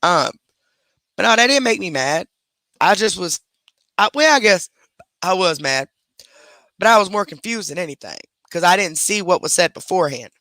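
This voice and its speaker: A woman's voice: on the low side, animated, normal speed, pauses often, a bit bright, no room sound. Sassy, defensive streamer woman. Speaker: livestream host. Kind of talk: livestream reaction commentary.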